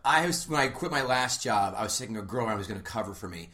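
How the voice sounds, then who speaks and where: A man talking crudely and casually with friends, blunt and joking, swearing freely. His voice has a bright, forward edge. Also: fairly low pitch, animated, quick pace, reverberant.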